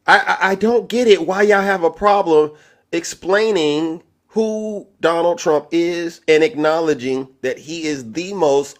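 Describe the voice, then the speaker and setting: A man hosting a live online debate stream, teasing his guest theatrically and swinging from loud outbursts to hushed asides. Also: on the high side. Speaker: livestream debate host. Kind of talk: animated mocking commentary.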